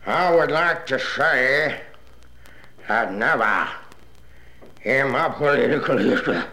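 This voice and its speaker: A man's voice: mid-range voice, pushed and bright, heavily acted. A man voicing a bombastic male senator who declaims in a grandiose way, in a comedy radio sketch. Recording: roomy echoey recording.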